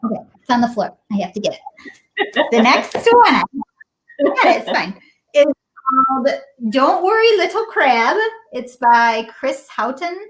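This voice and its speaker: Lady librarian w a high voice getting really animated telling a story. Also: a little slow, poor audio. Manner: animated storytelling, acts out lines. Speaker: librarian guest. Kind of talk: casual chat.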